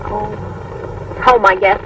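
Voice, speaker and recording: An actress playing a hopeless, reluctant young woman who speaks softly in an old film. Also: mid-range voice, steady tone, takes it slowly, lightly acted. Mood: downcast. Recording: old film sound, distant mic, faint noise.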